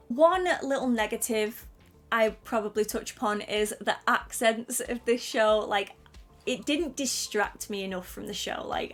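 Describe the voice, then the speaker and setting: A woman with a northern English accent from near Manchester talks to her viewers in a loose, gushing way, laughing easily as she goes. Her voice sits a little on the high side, and faint music plays quietly under her. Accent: northern English, Manchester area. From northern England. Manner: chatty and effusive, laughs often. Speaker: YouTuber reviewing a TV series. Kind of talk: casual chat to camera.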